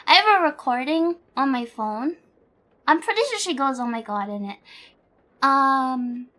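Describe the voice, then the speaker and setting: A woman's voice: sits high, fairly bright tone. A young woman streamer chatting casually with her viewers, swearing freely and laughing often. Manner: plays a bug persona in her talk. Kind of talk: casual chat.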